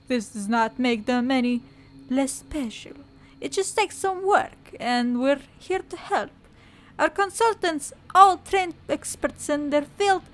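A perky relationship-counseling ad announcer, as a woman puts her on, pitching in an odd made-up accent with a sing-song salesy lilt. The voice rides high, lifting even higher on the selling points.

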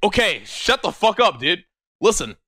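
A young man streaming a game live, loud and exasperated, swearing at his chat and laughing often. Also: high voice, very animated, moderate pace, slight background noise. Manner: frequent laughter.

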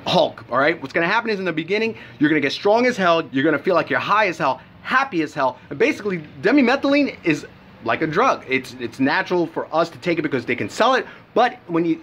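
A man's voice: a little high, a bit bright. A young man giving a brash, profane supplement review in a casual vlog, telling his story with lots of animation.

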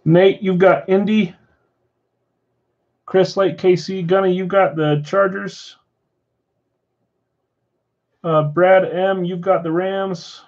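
A man's voice: high voice, fairly even intonation, takes it slowly, pauses often, darkish tone, lo-fi sound. A man at a card shop running a live card break, steadily rattling off names and teams.

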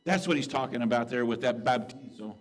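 A man preaching a sermon as a pastor, talking in an earnest, conversational way, checking in with asides and moving between hushed reflection and raised, emphatic peaks. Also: medium pitch, fast talker.

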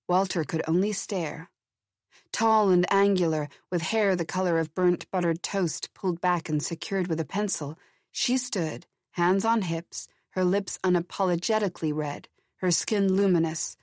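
A woman reading a novel aloud as audiobook narrator, measured and wry, close to a studio mic. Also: on the low side, a little mellow, no room sound. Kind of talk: scripted narration.

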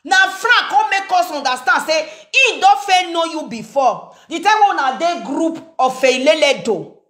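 This female social media commentator, who has a Nigerian Pidgin English accent, rants at and mocks someone in a confrontational video. Her high voice is a bit bright with lively intonation, her pace moderate, and the room echoes.

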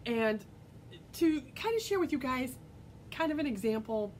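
A woman's voice: high voice, big pitch swings, normal speed, slight background noise, rough recording. A woman vlogger telling a personal story to her viewers in an earnest, rambling way full of fillers and restarts. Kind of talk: casual personal storytelling to camera.

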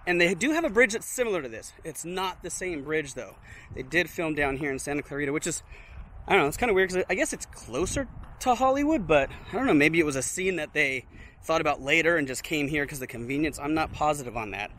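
A man filming a casual walking vlog outdoors, chatty and excited, talking straight to his viewers and a little out of breath in the heat. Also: a little high, quick pace, slight background noise. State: slightly out of breath. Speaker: vlogger visiting a film location. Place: outdoors by a steel bridge in hot dry hills.

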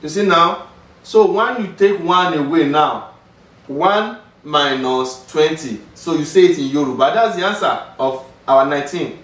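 A man with a Nigerian accent teaching Yoruba, slowly drilling words and repeating them for a student. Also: a little high, fairly bright tone. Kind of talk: patient classroom teaching. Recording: roomy sound, mic far off.

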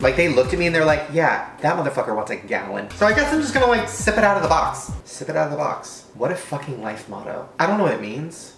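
A man's voice: fairly high pitch, slight background noise. Swearing, rambling man in an echoey room. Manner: crude, rambling, swearing, animated jokes. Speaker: vlogger. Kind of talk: casual comedic food-tasting vlog.

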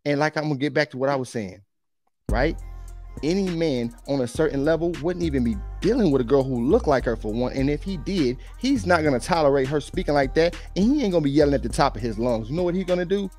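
A man's voice: on the high side, lively intonation, fast talker, a little mellow, faint music behind. A man hosting a podcast, reacting to clips in a blunt, preachy way. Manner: blunt, preachy, repeats and quotes. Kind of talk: reaction commentary.

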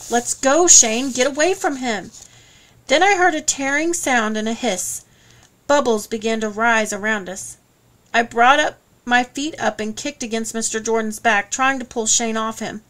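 Woman narrating an audiobook, higher voice. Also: normal speed, fairly bright tone. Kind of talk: scripted first-person narration.

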